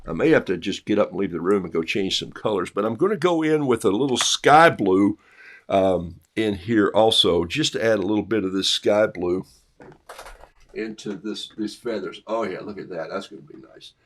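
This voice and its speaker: A middle-aged man livestreams himself painting, talking casually through each stroke in an animated, lowish voice at a moderate pace. He's amused by his own jokes and is coughing today.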